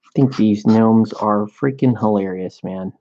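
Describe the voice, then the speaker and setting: A man's voice: lowish voice, measured pace, dark tone, muffled recording. A man chatting casually while painting miniatures, laid-back and joking, swearing now and then.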